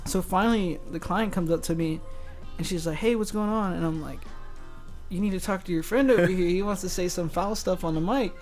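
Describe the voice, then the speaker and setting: A man hosting a casual interview, telling stories with animated, acted-out quotes and plenty of slang. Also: sits high, fairly quick, soft background music. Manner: animated storyteller who acts out quoted dialogue. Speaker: interview host.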